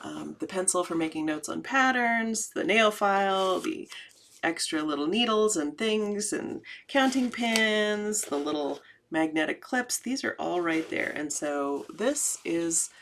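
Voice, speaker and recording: A middle-aged American woman with a low, gravelly voice hosts her own stitching vlog. She talks casually and chattily to the viewers, with easy laughs along the way. Her tone is relaxed show-and-tell. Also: unhurried, slight background noise. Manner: chatty, warm toward viewers, laughs easily. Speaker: cross-stitch channel host.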